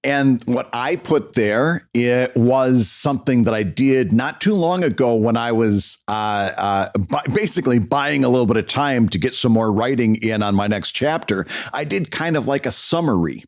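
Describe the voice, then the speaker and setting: A man's voice: normal speed, few pauses. A man co-hosting a podcast, a cartoonist casually explaining how he set up his page. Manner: conversational, explaining with lively pitch.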